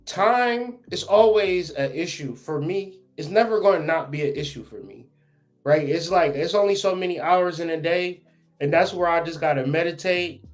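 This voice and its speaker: A man's voice: on the high side, moderate pace, soft background music. Blunt, cursing man telling stories. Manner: blunt, profane, animated storytelling. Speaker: guest. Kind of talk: casual podcast chat.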